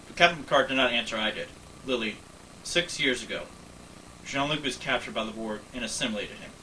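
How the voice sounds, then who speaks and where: Brief: man narrating a fan story, bright voice, distant mic, faint background noise. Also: mid-range voice. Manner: plain, slightly halting narration. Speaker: story reader. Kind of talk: reading a fan story aloud.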